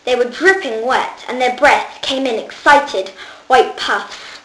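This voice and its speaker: High-voiced woman reading aloud. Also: slow, echoey room, slight background noise, rough recording. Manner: lively, raises voice for characters' lines. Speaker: reader. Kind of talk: reading a children's book aloud.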